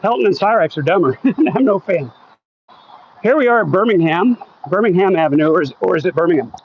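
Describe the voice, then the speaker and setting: A man's voice: high-pitched, expressive, a little fast, phone-quality sound, slight background noise. Chatty man walking a night street. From Oklahoma, US. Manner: chatty, wry, reads viewer comments aloud. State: a bit out of breath walking uphill. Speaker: vlogger reading live chat. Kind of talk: casual live-stream chat while walking. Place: outdoors on a residential street at night.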